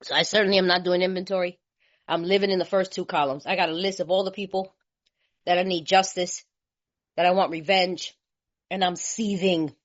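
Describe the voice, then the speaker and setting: A woman from California speaking at a recovery meeting, telling her story in a lively, colloquial way and laughing often. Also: fairly low pitch, brisk. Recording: slightly muffled lo-fi recording.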